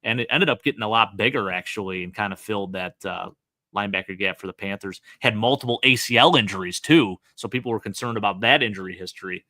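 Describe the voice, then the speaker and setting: A man with a Buffalo accent gives eager, rapid football analysis as co-host of a casual talk show. His voice is fairly low but bright and forceful. It sounds dry and close, with no room echo. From Western New York. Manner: enthusiastic, quick analytical talk with fillers. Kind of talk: casual sports chat.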